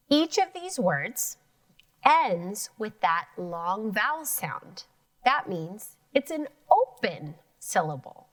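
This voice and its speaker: A woman teacher giving a phonics lesson to children, slowly and clearly stretching out sounds and spelling letters. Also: mid-range voice, very animated, fairly bright tone, dry recording, far from the mic. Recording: dry sound, voice a bit off the mic.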